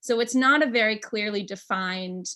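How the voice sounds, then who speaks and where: A woman's voice: mid-range voice, moderate pace, sharp tone. An American woman, an English teaching expert, talking casually on a panel and thinking aloud with frequent ums. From United States.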